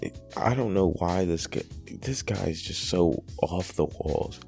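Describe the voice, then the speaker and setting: A man's voice: sits low, lively intonation, unhurried, vocal fry, a little mellow, faint music behind. A man hosting reaction commentary, exasperated and rambling with many fillers. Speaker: commentary host.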